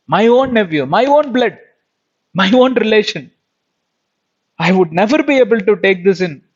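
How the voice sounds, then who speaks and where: Male preacher, high-pitched, casual joking delivery; dull lo-fi recording. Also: animated, normal speed. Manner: conversational preaching with joking asides. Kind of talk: sermon lesson.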